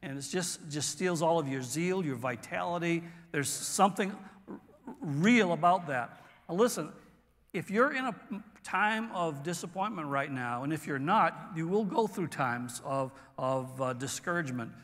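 A pastor delivers his sermon in a high, bright voice, earnest and halting as he restarts phrases. A long reverb from the church sanctuary trails behind every word. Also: animated. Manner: earnest preaching with pauses and restarts.

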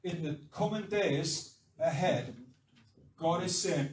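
A fervent pastor delivers a sermon in a large church, his voice fairly high for a man and rising into loud exhortation at a moderate pace with a steady tone. He sounds far off, his words echoing around the hall, while the congregation calls back to him throughout over a noisy background.

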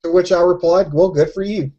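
A man from Alabama answers in a dry, deadpan way during a podcast chat. His voice sits high but sounds mellow. The mic is dull and lo-fi, and it picks him up from a little way off. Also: brisk. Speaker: podcast co-host.

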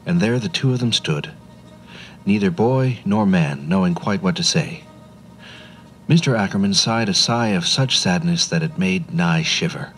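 Gentle low-voiced male storyteller. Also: lively intonation, a little slow, soft background music, rough recording. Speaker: narrator. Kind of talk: scripted storybook narration.

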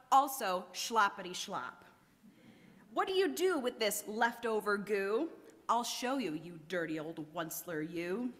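Lady doing a cranky little forest critter from a storybook, scolding loud, echoing around a big church. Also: medium pitch. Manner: scolding, indignant, raised voice. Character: small grumpy male forest creature, scolding.

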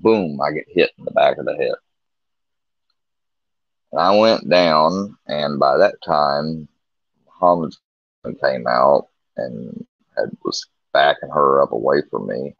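Deep-voiced man telling a candid story. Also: gravelly, no echo. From Missouri. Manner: candid, rambling, with many restarts and quoted dialogue. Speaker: guest telling a personal story. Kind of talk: casual storytelling on a livestream. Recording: dull lo-fi stream audio.

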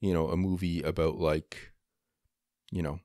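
A man with a low voice hosts a casual podcast discussion. He rambles and hedges, circling his point with fillers. The sound is dry, with no room echo. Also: little pitch movement, unhurried, mellow. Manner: rambling, hedging with many fillers. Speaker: podcast host.

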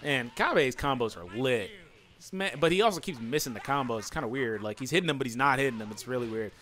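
A man doing let's play commentary, excitable and yelling taunts at his opponents over faint game music. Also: medium pitch, fast talker. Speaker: gaming channel host.

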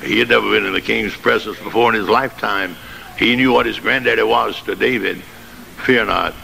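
A man preaching a sermon, telling a story dramatically and rising to shouted climaxes. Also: on the low side, steady tone, a little fast, gravelly. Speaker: pastor. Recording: noisy old sermon tape.

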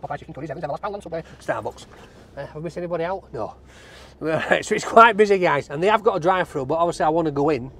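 A chatty, jokey Yorkshire man, a food vlog host, talks casually from inside a moving car. His voice sits a little high for a man. Faint traffic noise hums behind him. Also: fairly bright tone. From Barnsley, England. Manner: chatty, jokey, banter with cameraman. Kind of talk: casual vlog chat while driving. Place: inside a car driving through town.

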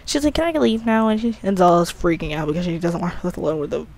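A casual, rambling commentary from the creator of an audio drama series. The voice carries a noticeable gravelly vocal fry, and the talk is offhand and a little sleepy. Thoughts often restart or get corrected midway. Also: mid-range voice, rapid-fire, a little mellow, slight background noise.

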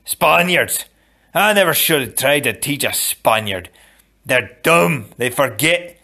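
A man voicing a stern, gruff fencing teacher in a storybook reading, barking and scolding. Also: medium pitch, lively intonation, takes it slowly, pushed and bright, voice pushed up, heavily acted.

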